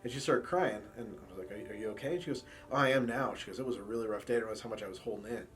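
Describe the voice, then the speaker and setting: Cop dude with a low voice, chatty storyteller, does little voices when he quotes people. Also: very fast, slight background noise. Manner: relaxed storytelling with quoted dialogue. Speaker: campus police officer and dog handler. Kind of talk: documentary interview.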